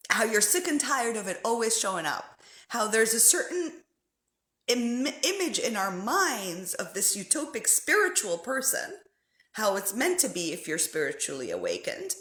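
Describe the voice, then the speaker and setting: A woman speaking as a spiritual life coach in a heartfelt, conversational monologue, often repeating phrases and sometimes dropping to a soft, hushed tone. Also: medium pitch, echoey room.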